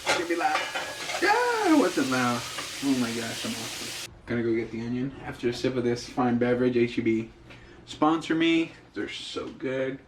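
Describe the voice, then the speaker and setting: A man's voice: mid-range voice, fairly quick. A young man chatting casually through a cooking vlog, jokey and rambling, recorded on a camera mic in his home kitchen. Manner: jokey, rambling, self-amused. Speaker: cooking vlogger. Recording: echoey kitchen with cooking noise. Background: frying and sizzling.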